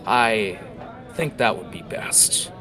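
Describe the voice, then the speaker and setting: A man playing a haunted, halting orc. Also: fairly low pitch, expressive, a crowd in the background. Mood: muttering. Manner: halting, mumbling, paranoid. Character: haunted, exhausted male orc warrior.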